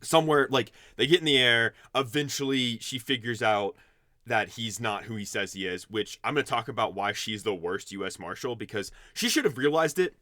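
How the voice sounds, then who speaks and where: A man's voice: mid-range voice, a little fast, sharp tone, dry recording, clean studio sound. A man co-hosting a podcast, recapping a movie plot in a rambling, profane way with frequent laughs. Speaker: podcast co-host. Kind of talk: casual chat, recapping a movie.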